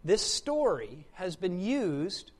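A preacher delivering a sermon, repeating words for emphasis and moving between loud, pressing stretches and hushed, quiet ones. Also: mid-range voice, very animated, slow.

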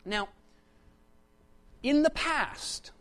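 Preacher in mid-sermon, emphatic and repetitive, dynamic from forceful to hushed. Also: extremely slow. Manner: expressive, swings between loud emphasis and hushed lows; repeats words for emphasis.

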